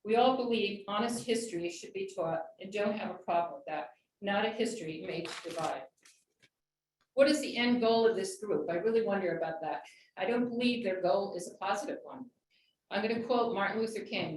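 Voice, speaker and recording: A woman's voice: mid-range voice, moderate pace. A woman giving an earnest public comment at a school board meeting, reading prepared remarks. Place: large meeting room. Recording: echoey room, distant mic, faint noise.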